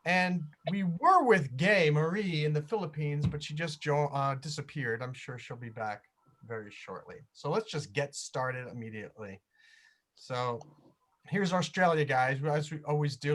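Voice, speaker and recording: A man's voice: on the high side, normal speed, fairly bright tone. A man hosting a virtual tour over a video call, chatty and jokey. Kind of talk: casual chat on a video call.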